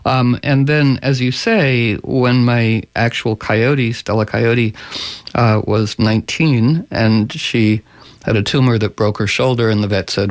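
A man hosting a radio talk show, telling rambling, animated stories in casual chat. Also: mid-range voice, a little slow, dry recording. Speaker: radio host.

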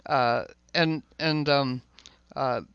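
Rambling, excitable man on a dull line. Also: mid-range voice, very slow, clean tone, dry recording. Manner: searching, repeats words, excitable asides. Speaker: host. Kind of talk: casual spiritual conversation.

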